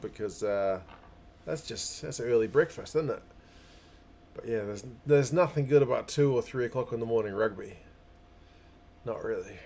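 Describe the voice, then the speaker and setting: A young man hosts a casual live stream and greets his viewers one by one. His voice sits at an ordinary middle pitch, and his talk is relaxed, chatty and upbeat. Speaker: livestream host. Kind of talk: casual livestream chat.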